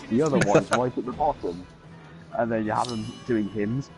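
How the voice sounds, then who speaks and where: A man's voice: medium pitch, moderate pace, music in the background. A man hosting a gaming video, reading comedy sketches aloud in a playful, giggly way. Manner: playful, giggly, swings into silly voices.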